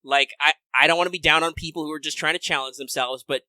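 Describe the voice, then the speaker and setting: A man's voice: on the high side, fast talker, no echo. A man co-hosting a casual gaming podcast, joking and ranting with plenty of profanity. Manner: animated, profane, joking rants. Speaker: podcast co-host.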